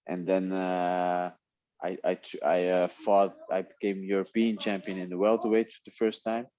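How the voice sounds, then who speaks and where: A man whose first language is Dutch, telling stories in a relaxed way in a casual interview, often laughing. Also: deep voice, normal speed, lo-fi sound. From Netherlands. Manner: relaxed storytelling with frequent laughs and restarts. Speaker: guest, MMA fighter.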